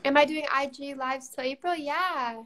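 Young woman host, high voice, upbeat chatty painting stream, laughs easy. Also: normal speed, a bit bright. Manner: encouraging, upbeat, laughs often. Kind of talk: casual chat while painting.

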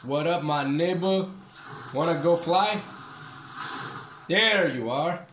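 A man's voice: fairly high pitch, slow pace, a bit bright, reverberant, slight background noise. Profane young man narrating his gameplay. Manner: profane, joking, talks to the game's enemies. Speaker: gaming channel host. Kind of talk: casual gameplay commentary.

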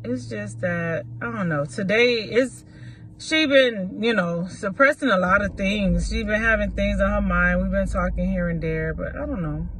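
A woman filming a casual vlog, talking to viewers in a relaxed, chatty way full of slang. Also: medium pitch, moderate pace. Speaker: vlogger. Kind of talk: casual vlog chat to camera. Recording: loud outdoor and car noise. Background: traffic and street noise.

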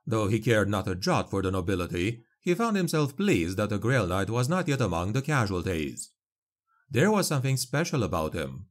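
A man narrating a dark fantasy audiobook in a measured storytelling manner. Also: lowish voice.

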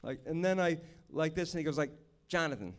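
Male director at a Q&A, animated raconteur, pitched a bit high. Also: quick pace, clean tone. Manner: animated storyteller, acts out the people he quotes. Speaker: film director. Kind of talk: storytelling at a Q&A. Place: stage at a film screening venue.

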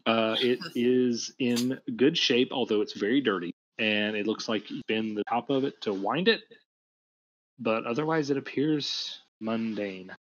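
A man's voice: mid-range voice, unhurried, dull audio. A man narrating a tabletop game as game master, with many fillers and restarts.

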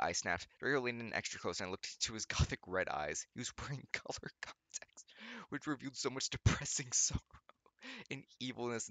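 Man, low-ish voice with a bright, forceful edge, reading aloud in a dry home studio and mocking the text as he goes. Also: no room sound. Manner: stumbling over words, frequently laughing and groaning. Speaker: YouTuber reading fanfiction aloud. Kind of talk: comedic reading with sarcastic commentary.

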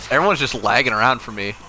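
A man chatting and swearing loudly while playing a co-op shooter with friends, reacting with quick outbursts and laughter. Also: mid-range voice. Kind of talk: casual gameplay chat.

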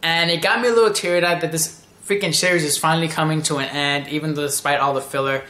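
A man's voice: fairly high pitch, steady tone, fast, pushed and bright, echoey room. A man giving a casual, rambling anime episode review, often acting out characters' lines.

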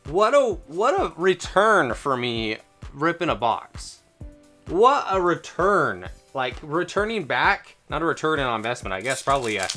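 A channel host giving excited unboxing commentary, gasping out exclamations and rattling off quick counts, the voice a little strained from excitement. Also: medium pitch. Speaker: card-opening channel host.

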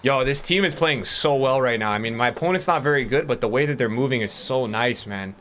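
A young male gaming streamer plays a football video game, commenting casually, swearing often, and talking to his chat in an excitable way. His voice is mid-range, and he talks a little fast.

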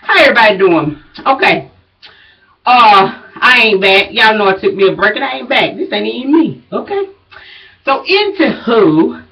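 A woman's voice: on the high side, very animated, normal speed, sharp tone. A woman, out of breath, chatting casually and folksily to her viewers as a vlogger. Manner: chatty, folksy, drawling asides. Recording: dull, distant home recording.

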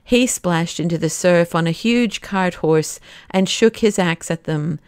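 A woman narrating a classic novel as an audiobook, in a measured delivery that slows down for the dramatic passages. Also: fairly low pitch, darkish tone, clear, resonant tone, no echo, studio quality.

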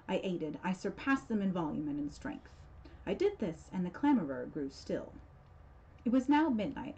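A woman on the library staff giving a measured, theatrical reading of a horror tale. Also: fairly low pitch, mellow. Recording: dull lo-fi recording.

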